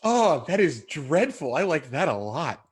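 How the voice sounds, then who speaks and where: A man emceeing a live show with playful, joking banter. His voice sits a touch high. He keeps things upbeat and moving. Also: sing-song, breathy edge. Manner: jokey and playful, quick banter. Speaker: host.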